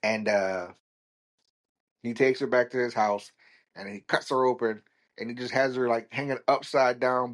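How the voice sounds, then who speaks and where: A man's voice: medium pitch, a bit bright. A man hosting a solo podcast, talking casually in a rambling, blunt and foul-mouthed way. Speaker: podcast host.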